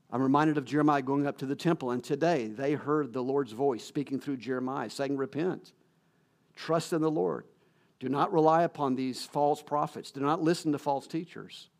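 A pastor preaching in church with earnest, pleading questions, his voice swinging between hushed and raised, then leading a prayer. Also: mid-range voice, creaky. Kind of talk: sermon with closing prayer.

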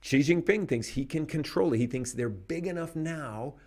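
A man in casual conversation, talking in an animated, opinionated way and laughing often. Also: a little high, moderate pace.

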